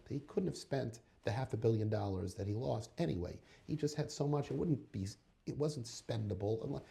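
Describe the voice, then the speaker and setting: A man with a dark, mellow voice and a gravelly fry gives a motivational talk. He retells advice he once gave, pressing the same points again and again in an earnest, insistent way. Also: medium pitch. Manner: earnest, insistent, repetitive phrasing. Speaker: motivational speaker. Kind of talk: retelling a conversation as a life lesson.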